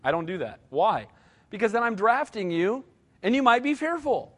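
A man's voice: high voice, big pitch swings, moderate pace, a bit bright. A middle-aged male pastor giving a conversational sermon, repeating short punchy phrases and often checking in with the congregation by asking "right?".

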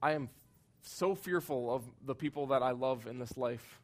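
A man preaching a sermon, earnest and emphatic, his voice swelling loud at high points and sinking soft and low at others. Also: moderate pace. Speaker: pastor.

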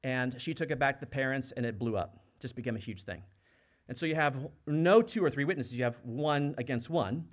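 A man's voice: medium pitch, expressive, brisk. A man in his thirties or younger preaching a sermon, earnest and conversational, often asking the congregation questions. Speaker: pastor.

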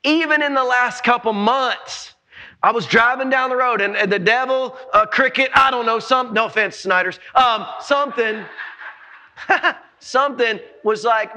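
A man, preaching an animated sermon, shouting in bursts and joking with the congregation. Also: very high voice, measured pace. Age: 40s. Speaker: pastor.

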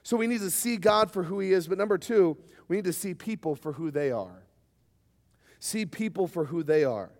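A man preaching a sermon, emphatic and lively, sometimes acting out short quoted voices. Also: high-pitched, normal speed. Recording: hall reverb.

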